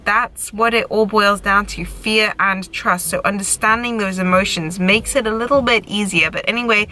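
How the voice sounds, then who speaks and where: A young recovery coach vlogs casually outdoors near passing cars, with faint traffic noise behind, giving frank, encouraging advice and sometimes swearing. She speaks at normal speed in a steady, sharp, mid-range voice, and the audio is poor.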